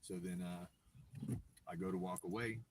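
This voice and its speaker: A man's voice: low-pitched, steady tone, normal speed. A man telling a long personal story in casual live-stream chat, rambling with restarts and acted-out quotes. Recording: distant mic with clear background noise.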